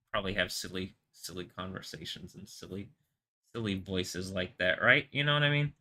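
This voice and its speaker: A man's voice: sits low, bright, forceful tone. A man hosting his own livestream, rambling casually and laughing at his own jokes. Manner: rambling, self-amused, frequent giggling asides. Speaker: livestream host.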